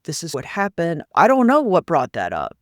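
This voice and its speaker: A woman's voice: lowish voice, wildly swooping pitch, moderate pace, dry recording, studio quality. A woman career coach candidly recounting a personal workplace story, acting out the quoted dialogue as she goes.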